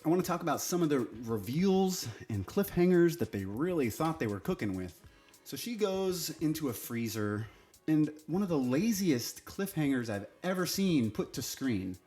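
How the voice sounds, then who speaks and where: A man's voice: fairly high pitch, very animated, normal speed, darkish tone, faint music behind. A man giving a casual, sarcastic and exasperated TV review, swearing now and then.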